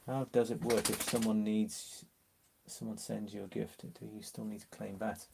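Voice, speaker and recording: A man's voice: lowish voice, moderate pace, gravelly, husky. Chatty English man hosting a live stream. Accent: mixed English, mildly Liverpool. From Liverpool, England. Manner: chatty, relaxed, reads out viewer comments with easy laughs. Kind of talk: casual live-stream chat.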